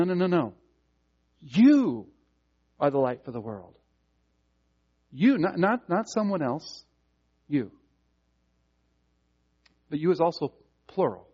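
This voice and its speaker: A man's voice: a little high, a little mellow, dull audio. A man preaching a sermon, stressing key words by repeating them and restarting phrases.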